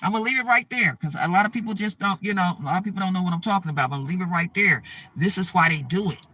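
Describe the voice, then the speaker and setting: A man with a high, bright voice delivers an urgent spiritual talk straight to his viewers, circling back to the same warnings and tagging lines with "okay?". The sound is dry and he sits a little back from the mic. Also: racing, distant mic. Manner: repetitive, urgent, keeps checking in with "okay?". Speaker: spiritual advice channel host. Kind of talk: preachy spiritual monologue to viewers.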